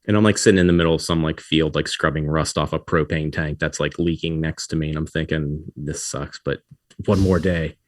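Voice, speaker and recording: A middle-aged podcast guest with an extremely low voice tells stories casually and a little fast, with no echo. He is animated, acting out what people said and laughing often.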